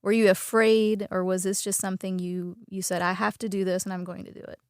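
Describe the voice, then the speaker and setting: A woman's voice: medium pitch, level tone, brisk, dry recording, clean studio sound. A woman, a daughter talking through her memories in a rambling, curious way in a casual interview. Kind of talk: casual conversation.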